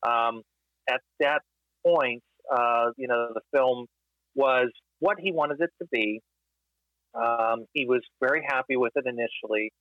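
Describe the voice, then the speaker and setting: A man talking through film history in a casual podcast discussion, thoughtful and measured, with many fillers. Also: mid-range voice, no room sound, dull audio.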